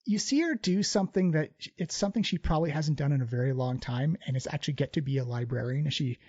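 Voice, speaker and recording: Slightly high-voiced game master man. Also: fast talker, dark tone, breathy edge, highs cut off. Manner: loose, filler-heavy narration. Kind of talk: narrating a tabletop game.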